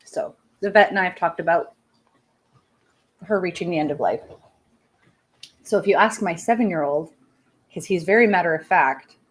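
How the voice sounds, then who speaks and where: A woman in her thirties hosts a relaxed live chat with her viewers. Her voice sits a little low, and she talks in a loose, personal way. She laughs easily and keeps dropping self-deprecating asides. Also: moderate pace, long pauses. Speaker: live show host talking to viewers.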